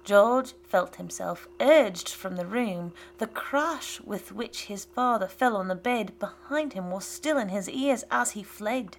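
A woman giving scripted narration of a literary story in a hushed, half-whispered delivery. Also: medium pitch, expressive, slow pace, few pauses, a little hiss or hum.

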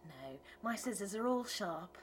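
A woman reading an audiobook, voicing a country woman gardener who answers in crisp, short replies. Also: medium pitch, expressive, a little slow, slight background noise, natural voice. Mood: curt. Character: guarded country woman gardener, grows eager.

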